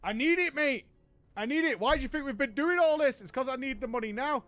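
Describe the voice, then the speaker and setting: A man's voice: very high-pitched, lively intonation, brisk, a bit bright, dry recording, soft background music, pitched above the performer's own voice. A man voicing a clueless, pleading young male gamer who keeps saying mate. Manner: pleading, says mate constantly.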